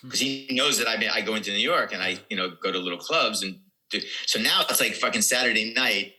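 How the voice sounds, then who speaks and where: A man's voice: fairly low pitch, a little fast, sharp tone, soft background music, poor audio. A man in his seventies, a comedian guest telling rambling anecdotes in casual podcast talk. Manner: rambling anecdotes with quoted dialogue.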